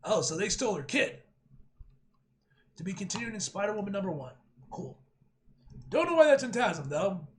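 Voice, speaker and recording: Casual young male reactor, high and animated, tosses off irritated cursing asides. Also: moderate pace, long pauses, slight background noise. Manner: reads panels aloud, cursing, sarcastic asides. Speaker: comic reaction host. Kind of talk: casual comic book reading.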